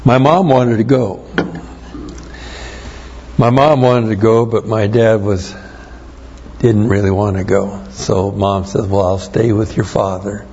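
A middle-aged man preaching a sermon, teaching slowly and with heavy emphasis, his voice a little strained. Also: fairly low pitch, steady tone, darkish tone, dull audio, a little hiss or hum. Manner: slow, emphatic Bible teaching with repeated stresses. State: strained voice, coughing. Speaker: pastor.

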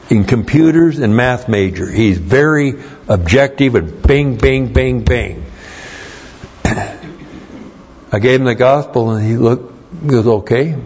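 A male pastor delivers a sermon in a plain-spoken, conversational manner. His voice is somewhat husky, and the recording sounds dull and lo-fi. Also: mid-range voice, darkish tone. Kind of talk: sermon with anecdotes.

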